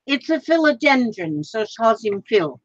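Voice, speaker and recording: A high-voiced woman co-hosts a casual craft livestream, enthusiastic and quick to laugh. Her pitch swings widely and her pace is unhurried. The audio is dry and lo-fi. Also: big pitch swings, no echo. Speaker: livestream co-host.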